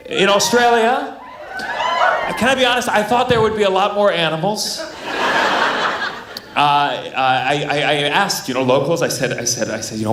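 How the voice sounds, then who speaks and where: Stand-up comic, New man, high-ish voice, stuttery restarts, echoey club, loud noise. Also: animated, a little slow, pauses often. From United States. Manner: stammering restarts, crowd work. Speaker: stand-up comedian. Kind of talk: stand-up comedy set. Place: comedy club stage. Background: audience laughter.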